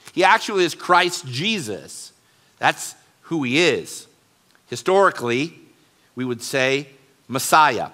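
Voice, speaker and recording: A man's voice: medium pitch, sharp tone. A male pastor giving a sermon to his congregation, talking conversationally and pressing hard on key words. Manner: conversational, rising to emphatic stresses. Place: church.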